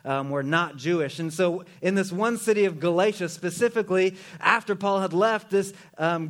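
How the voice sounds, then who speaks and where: A man preaching a sermon in a relaxed, conversational way with joking asides. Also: on the high side. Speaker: pastor.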